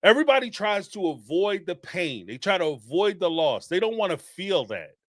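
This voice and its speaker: A man with a high voice hosts a reality-TV call-in show, talking in a casual, sarcastic and animated way. He laughs often, and the sound is close and dry. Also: moderate pace, no echo. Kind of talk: casual commentary.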